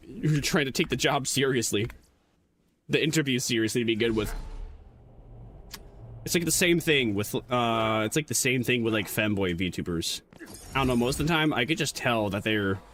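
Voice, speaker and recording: A man's voice: medium pitch, a bit bright, slight background noise. A man streaming as a VTuber, chatting casually in a rambling, joking way and correcting himself as he goes, with lots of stammered restarts. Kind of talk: casual livestream chat.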